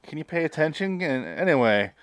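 A man's voice: fairly high pitch, big pitch swings, fairly quick, no room sound. A man co-hosting a casual podcast, joking and swearing freely while talking over a video they watch together. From Canada. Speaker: podcast co-host. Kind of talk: casual chat.

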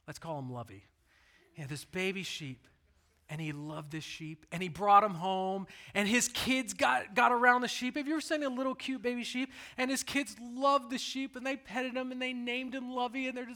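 A man preaching a sermon, telling the story in a conversational, animated way and voicing the people in it. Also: sits high, moderate pace. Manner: animated storyteller, voices the people in his stories. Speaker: pastor.

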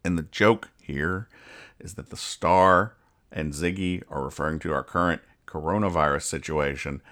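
A man's voice: extremely low pitch, moderate pace, a bit bright. A man hosting a casual podcast, reading comic strips aloud and explaining the jokes in a dry, mock-serious way. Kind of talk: casual chat.

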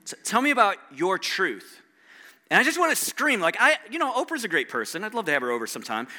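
A man's voice: sits high, sing-song, a little fast, pushed and bright. A middle-aged man preaching a sermon in a conversational way, putting rhetorical questions to the congregation. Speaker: pastor.

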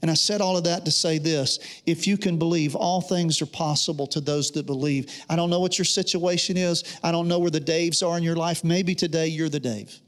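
A man's voice: a little high, steady tone, brisk, hardly any pauses. A man preaching a sermon, telling a personal story in an earnest way and acting out the dialogue. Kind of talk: sermon testimony.

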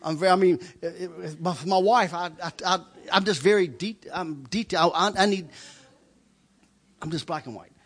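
A preacher giving a humorous testimony in a sermon, an animated storyteller who laughs often and acts out the voices of others. He speaks as a man. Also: high-pitched, normal speed.

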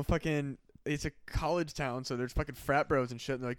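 A comedian guesting on a podcast, talking in casual chat, full of swearing and fillers. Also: male voice, fairly high pitch, a little fast, hardly any pauses, a little mellow, no echo, clean studio sound. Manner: profane, filler-heavy, trailing off.

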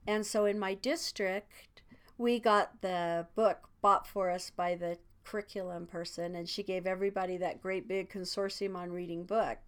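A woman's voice: on the low side, fairly even intonation, moderate pace, smooth. Chatty laughing older woman teacher. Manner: chatty, laughs often between thoughts. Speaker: kindergarten teacher. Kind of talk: casual conversation.

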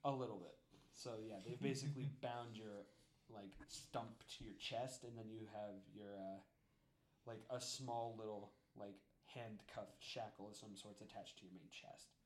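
A man's voice: lowish voice, steady tone, moderate pace, echoey room, slight background noise. A man narrating as game master in a loose, rambling way. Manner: rambling, many "like" fillers, laughing.

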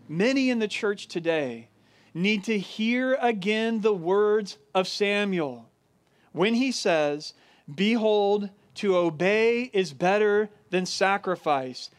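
Man, high voice, pastor, earnest sermon, emphatic slowed stresses. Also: animated.

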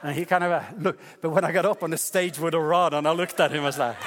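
A man preaching a sermon at a service, telling stories in an animated way that swings from loud bursts to hushed tones. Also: fairly high pitch, fast, background noise. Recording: reverberant church hall.

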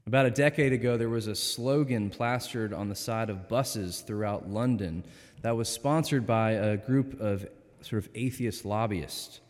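A man preaching a sermon in a church, speaking in a measured, earnest and gentle way. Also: lowish voice. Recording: long reverb of a church.

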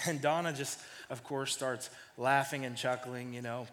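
A man's voice: medium pitch, fairly quick, a bit bright, long reverb tail. A man in his thirties preaching a sermon in a casual storytelling way, often repeating the first words of a phrase. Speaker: pastor.

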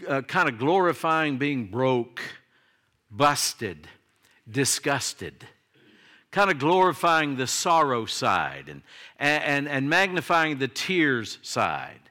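Bright-voiced older man preaching. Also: mid-range voice, big pitch swings, slow pace. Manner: conversational preaching that swings into emphatic declarations. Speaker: pastor. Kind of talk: sermon.

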